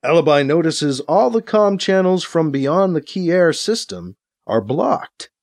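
A man narrating a science-fiction radio drama with a clear storytelling delivery. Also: fairly high pitch, sing-song, unhurried, darkish tone, dry recording, studio quality.

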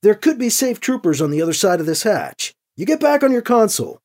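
An audiobook reader voicing a calm male team leader, firm and dryly joking, close to the narrating voice. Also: mid-range voice, a little fast. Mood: steady. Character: steady male fighter leader, calm and dry.

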